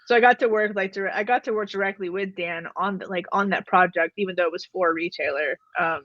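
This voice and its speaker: A woman's voice: on the low side, quick pace, fairly bright tone, no room sound. A woman telling a story as an interview guest, rambling with many filler words and frequent laughs. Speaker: comic artist guest. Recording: slightly dull, lo-fi sound.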